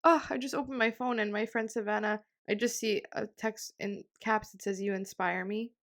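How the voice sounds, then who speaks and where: A young woman in her twenties hosts a casual solo podcast, rambling with lots of fillers and laughs as she grows emotional, near tears. Her medium-pitched voice has fairly even intonation, a moderate pace and a fairly bright tone.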